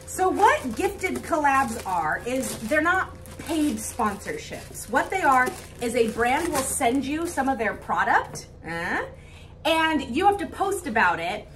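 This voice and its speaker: A young woman vlogging casually to camera, bubbly and gushing with excitement. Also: sits high, slow, recorded from a distance, slight background noise. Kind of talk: casual vlog talk to camera.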